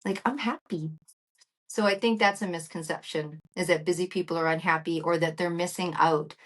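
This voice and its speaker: Woman in her fifties, lowish voice, animated storyteller, interview guest. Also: moderate pace. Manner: animated storytelling, acts out quoted dialogue. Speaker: guest entrepreneur. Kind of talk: interview conversation.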